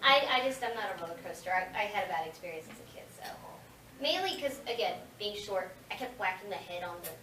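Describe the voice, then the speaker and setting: A woman's voice: medium pitch, lively intonation, fast. A woman guest voice actor chatting and laughing through a casual convention Q&A. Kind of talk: casual panel Q&A answers. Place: convention panel room. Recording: echoey room, distant mic, background noise.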